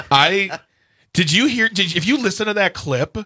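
A man from the Midwestern US, co-hosting a casual chat in an animated, mocking, jokey way. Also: high voice, slow. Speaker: podcast co-host.

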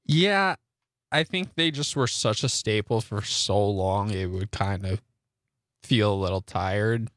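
A man's voice: on the low side, slow, fairly bright tone, no room sound. Easygoing young male co-host, dry sound. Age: young adult. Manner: easygoing, laid-back, slightly hesitant. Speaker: radio co-host. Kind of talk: casual radio chat. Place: radio studio. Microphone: studio microphone.

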